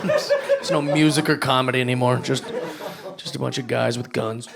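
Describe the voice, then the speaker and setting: A male stand-up comedian on a club stage, mocking and profane, dropping low and quiet for asides. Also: expressive, normal speed, creaky. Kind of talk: stand-up set. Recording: live club crowd laughing. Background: audience laughter.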